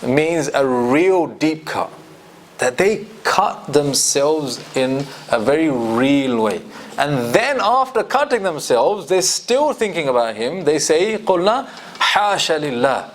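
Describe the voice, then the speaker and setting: A man's voice: on the high side, a little hiss or hum. A man with a British accent teaching a Quran commentary class, explaining verses in English and reciting the Arabic between his points. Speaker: Islamic studies teacher.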